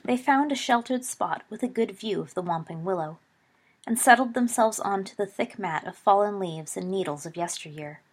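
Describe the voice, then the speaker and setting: A woman narrating a story in a steady, measured reading voice. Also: mid-range voice, breathy edge.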